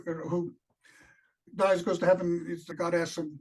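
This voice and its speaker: High-voiced husky man, rambling podcast co-host. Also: fairly even intonation, normal speed, pauses often, poor audio. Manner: rambling, encouraging, tells jokes and anecdotes. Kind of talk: casual conversational interview.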